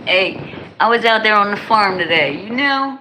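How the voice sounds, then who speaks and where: Bright-voiced woman streamer. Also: medium pitch, normal speed, slight background noise, rough recording. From New Jersey. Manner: animated, slangy, talks straight to chat. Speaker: livestreamer. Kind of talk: casual livestream chat with viewers.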